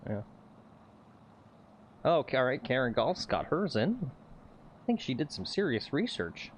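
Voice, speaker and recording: A man's voice: medium pitch, sing-song, measured pace, slight background noise. A man hosting a casual golf livestream, rambling and reading viewer comments aloud. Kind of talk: casual live-stream chat. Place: outdoors on a golf course.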